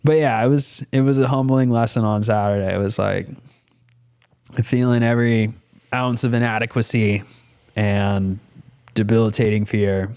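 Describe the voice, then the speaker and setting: A man's voice: fairly low pitch, steady tone, normal speed, a little mellow, clear, resonant tone. A young man, a podcast guest, casually telling a personal story in a rambling, earnest way with lots of fillers and some swearing. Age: young adult.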